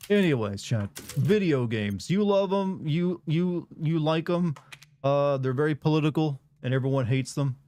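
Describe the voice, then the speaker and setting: Monotone young man streaming games. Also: mid-range voice. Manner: monotone, rambling with restarts. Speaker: game streamer. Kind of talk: casual chat while streaming.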